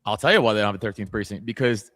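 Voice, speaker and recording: A man's voice: on the low side, a bit bright. A man, a former police officer co-hosting a casual podcast, talking profanely and laughing as he tells stories. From New York City. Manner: fast, profane, laughing storyteller.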